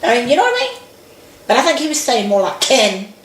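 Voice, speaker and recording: A woman from Alabama with a Southern accent and an animated, chatty manner, laughing often as she co-hosts a casual chat. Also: fairly high pitch, fast, echoey room, a little hiss or hum. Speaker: co-host.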